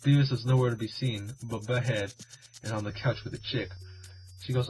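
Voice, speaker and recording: A man's voice: medium pitch, fairly even intonation, a little fast, darkish tone, a little hiss or hum. A man hosting a comedic creepypasta reading, rambling, crude and self-mocking. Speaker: video host. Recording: dull lo-fi recording with music.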